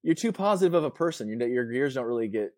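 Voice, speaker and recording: A man's voice: mid-range voice, animated, quick pace, darkish tone, no room sound. A man hosting a casual interview, easygoing and rambling, often searching for words mid-sentence. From Chicago. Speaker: podcast host.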